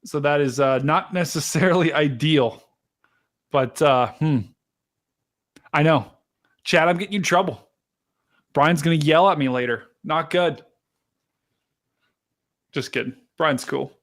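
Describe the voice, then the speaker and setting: Excitable man hosting a storm stream. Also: fairly high pitch, measured pace, pauses often. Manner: excitable, chatty, talks to chat directly. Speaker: livestream weather host. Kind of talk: live storm-tracking stream commentary.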